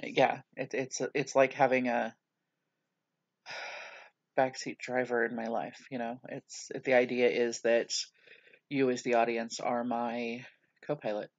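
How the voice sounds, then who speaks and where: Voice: medium pitch, little pitch movement, slow pace, pauses often, highs cut off. A vlogger talking through a casual video journal, rambling and self-mocking, with many hesitations and restarts.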